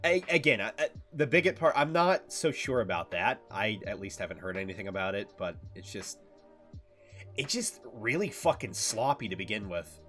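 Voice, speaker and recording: A man chats casually on a stream, walking through a game's story in a loose, profane way. His pitch swings up and down a lot as he talks, broken up by frequent fillers and restarts. Faint music plays in the background. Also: very animated, normal speed, a bit bright. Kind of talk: casual stream chat, recapping a game.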